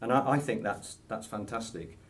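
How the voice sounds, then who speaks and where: A lowish male voice at normal speed belongs to a British man in his sixties. He answers questions in a casual interview, chuckling, hesitating and using many ums.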